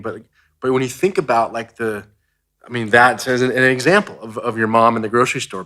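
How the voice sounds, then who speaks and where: Bright-voiced male podcast host. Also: mid-range voice, slight background noise. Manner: encouraging, frequent short affirmations. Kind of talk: casual interview.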